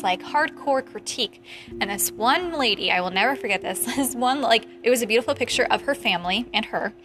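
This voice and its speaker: A woman in her late twenties, a photographer, chatting casually in an animated, heated way and laughing often. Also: on the high side. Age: 20s. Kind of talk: casual chat.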